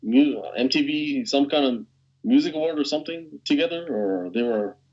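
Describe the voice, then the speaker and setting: A man chatting casually as a podcast co-host, rambling and halting, with crude jokes. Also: mid-range voice, a little mellow, slightly rough, lo-fi sound. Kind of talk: casual chat.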